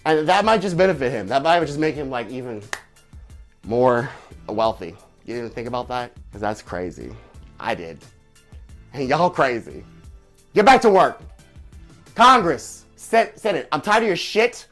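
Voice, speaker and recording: A man's voice: mid-range voice, expressive, measured pace, pauses often, fairly bright tone, faint music behind. A man hosting a live stream, ranting with profanity and firing off repeated rhetorical questions. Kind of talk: angry political rant on a live stream.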